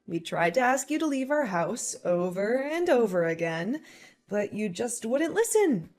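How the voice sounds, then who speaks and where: A woman voicing a calm, pregnant young wife who answers her sister-in-law with dry sarcasm, in a dramatized story. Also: a little high, unhurried, soft background music. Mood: cool. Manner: cool, composed, dryly sarcastic. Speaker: voice actor.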